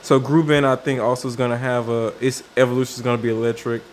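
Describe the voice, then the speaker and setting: A man talks through a set of game cards off the cuff, stopping often to think and restarting his sentences. His voice sits in an ordinary middle pitch. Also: flat delivery, fast talker, slight background noise. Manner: thinking aloud with many fillers and restarts. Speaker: card game video creator. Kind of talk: casual commentary on card reviews.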